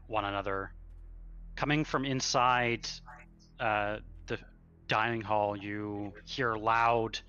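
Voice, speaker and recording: A man narrating a tabletop game as dungeon master, pausing often to search for words, heard over a dull, lo-fi online call. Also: lowish voice, pushed and bright, clean tone.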